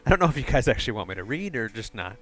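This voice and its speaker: A man hosting a let's play, reacting to the game with excitable, rambling asides. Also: medium pitch, racing, soft background music. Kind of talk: casual game commentary.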